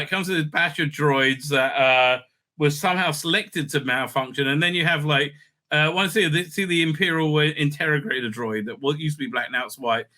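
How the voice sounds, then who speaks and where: A man's voice: fairly high pitch, sharp tone. A man hosting a casual, sardonic episode recap, rambling with many fillers and restarts. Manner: sardonic, mocking. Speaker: host.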